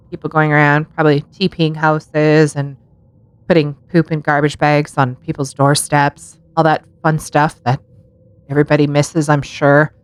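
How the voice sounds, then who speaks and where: A woman's voice: deep voice, no room sound. Joking, laughing woman podcast host. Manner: joking, laughs often, swears casually. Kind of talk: casual podcast chat.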